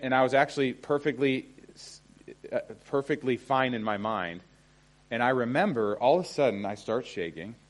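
A middle-aged man preaching a sermon in a conversational way, often checking in with his listeners. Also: mid-range voice. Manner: conversational, often asks "okay?". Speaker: pastor.

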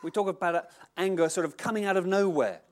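A middle-aged man preaching a sermon in a conversational, self-mocking, animated way. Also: high-pitched, fast talker. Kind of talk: sermon with Bible reading.

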